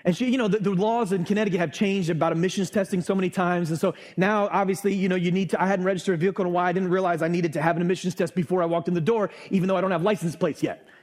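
A male pastor preaching a sermon, telling a lively personal story and acting out the exchanges in church. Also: high voice, racing, few pauses.

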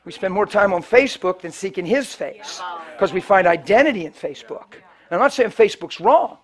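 A male preacher telling a story in a sermon, swinging between loud preaching and hushed, near-whispered storytelling, and acting out the people he quotes. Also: sits high, expressive, a little fast. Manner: acts out the people in his stories in quoted voices.

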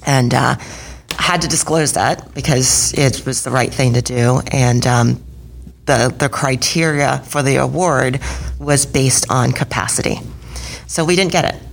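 A woman guest speaks in a deep register with a gravelly edge to her voice. She recounts her career candidly and reflectively, in a halting way, often stumbling over repeated words. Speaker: guest, alumna sharing her career story. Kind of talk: reflective interview storytelling.

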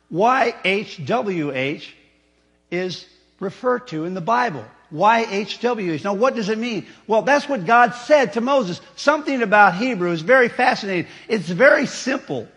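A male pastor delivering a sermon, explaining scripture with animated, teaching emphasis and spoken demonstrations. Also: sits high, big-room sound. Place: church sanctuary.

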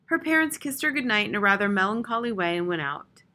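A woman reading a children's novel aloud with expressive, measured narration. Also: mid-range voice. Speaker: audiobook reader. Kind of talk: storybook narration.

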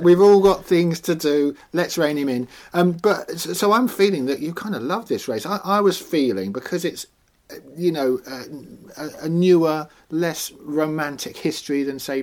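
Male podcast host, somewhat high-pitched, relaxed and teasing as he steers the interview. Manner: teasing, playful. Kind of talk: casual interview chat.

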